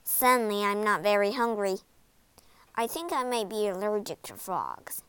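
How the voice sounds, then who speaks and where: Lady doing a prissy delicate prince, fussy and faint, smooth voice. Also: medium pitch, big pitch swings, normal speed, a bit bright, no echo.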